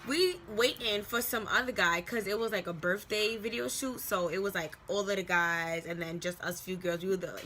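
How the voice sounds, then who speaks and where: A young woman telling a casual storytime vlog, animated and slangy, acting out quoted voices. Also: medium pitch, slight background noise. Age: young adult.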